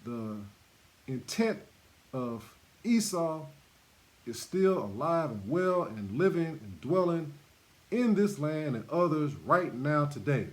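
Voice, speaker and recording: A man's voice: fairly high pitch, big pitch swings, slow. A man teaching scripture in a sermon style, repeating points emphatically and laughing between them. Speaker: bible teacher. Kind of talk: sermon-style bible study.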